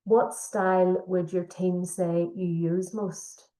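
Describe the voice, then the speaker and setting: A woman's voice: lowish voice, level tone, slow pace, warm tone. A woman facilitating a leadership training session, explaining steadily with frequent fillers. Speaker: workshop facilitator. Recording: echoey room.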